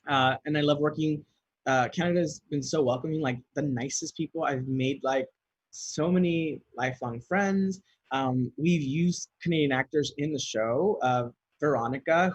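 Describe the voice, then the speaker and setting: Breathy chatty guy reading out fan questions, giggles a lot, dry close sound. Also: mid-range voice, no echo, muffled recording. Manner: chatty, giggly, reads questions aloud then rambles. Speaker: actor answering fan questions. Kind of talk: casual question and answer video.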